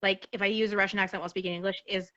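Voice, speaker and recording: A woman guest in casual chat, animated, swinging between high and low and laughing often. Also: rapid-fire, muffled recording. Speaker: podcast guest.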